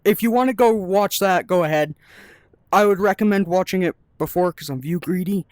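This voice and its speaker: A man with the hiccups co-hosting a casual VR game tutorial, loose and joking, with halting fillers. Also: high voice, no echo, studio quality. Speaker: co-host.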